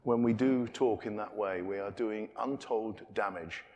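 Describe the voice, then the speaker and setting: A British man preaching a sermon in a conversational way, moving between loud emphasis and quiet asides. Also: lowish voice, measured pace, slight background noise. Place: church. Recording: long reverb of a church hall.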